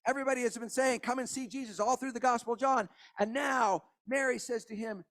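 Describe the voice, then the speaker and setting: A man, preaching a sermon as pastor, impassioned, with hushed passages and rising emphasis. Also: very high-pitched, steady tone, brisk, hardly any pauses. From Kentucky.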